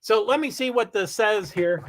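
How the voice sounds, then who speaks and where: A man hosting a livestream, giving rambling, chatty commentary on a car race and swearing when he gets excited. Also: high-pitched, moderate pace. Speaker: livestream host. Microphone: computer mic on a streaming call.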